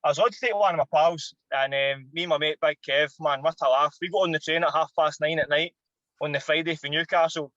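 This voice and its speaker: Fast-talking Scottish man telling stories. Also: a little high, no room sound, highs cut off. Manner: animated, swearing, laughing anecdote-telling. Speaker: podcast guest, former footballer. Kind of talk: casual storytelling.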